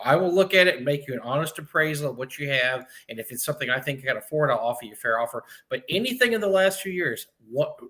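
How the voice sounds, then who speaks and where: A man's voice: medium pitch, a bit bright. A man co-hosting a casual chat, recalling his own experience in a rambling way with many restarts. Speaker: podcast co-host.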